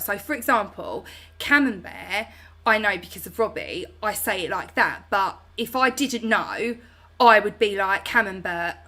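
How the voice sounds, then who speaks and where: A woman's voice: medium pitch, bright, forceful tone. A chatty woman with a British English accent, hosting a home livestream and answering viewer comments in a bubbly, slangy way. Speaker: host. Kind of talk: casual chat reading viewer comments on a livestream.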